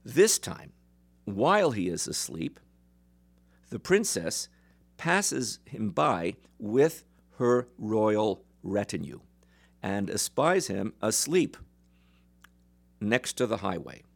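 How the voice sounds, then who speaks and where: A man lecturing as he retells a traditional folk tale in a measured way, with some fillers. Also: lowish voice, big pitch swings, creaky. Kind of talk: storytelling lecture.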